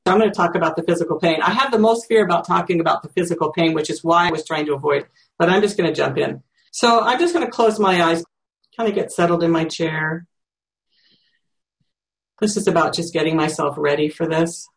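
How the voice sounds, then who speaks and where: A speaker in their sixties, teaching by demonstration, talking slowly and reflectively, searching for words and thinking aloud with pauses. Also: mid-range voice, creaky. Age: 60s. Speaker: teacher demonstrating self-empathy.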